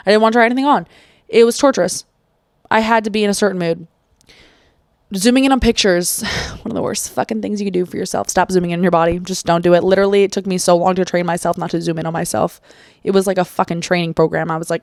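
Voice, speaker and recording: A young adult woman hosting a solo podcast, talking casually and confessionally, swearing freely and getting animated. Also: medium pitch, a little fast, clean tone, no room sound, clean studio sound. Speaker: podcast host. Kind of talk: candid solo podcast monologue.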